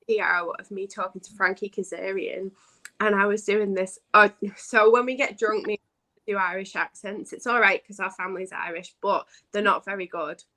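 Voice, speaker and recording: A woman guest telling stories in a casual chat, self-deprecating and animated. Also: mid-range voice, moderate pace. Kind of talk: casual storytelling.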